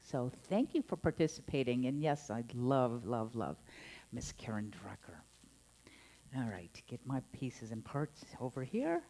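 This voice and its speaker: A woman minister preaches a Sunday sermon in a low, mellow voice. Her pitch swoops up and down with a lot of life. She talks in a playful, chatty way and acts out the tones she describes. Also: a little slow. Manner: animated and playful, acting out scolding tones with laughs. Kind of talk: Sunday sermon to a live and online congregation. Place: church service.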